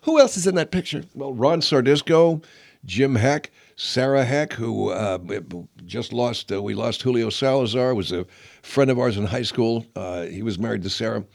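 A man's voice: mid-range voice, moderate pace, creaky, darkish tone. A man hosting a comedic radio talk show, rambling and reminiscing. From Southern California.

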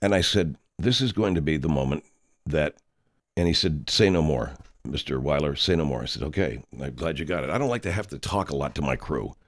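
A man's voice: very deep voice, animated, a little fast. A man playing a pompous, self-important horror film director who rambles through an anecdote and talks about himself in the third person. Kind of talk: comedic character monologue.

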